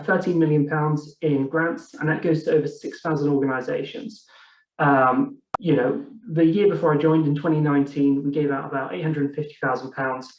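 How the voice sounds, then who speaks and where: A grants officer with a fairly high voice gives a friendly, halting presentation over a video call. He sits far from the mic in an echoey room, and the sound is dull and lo-fi.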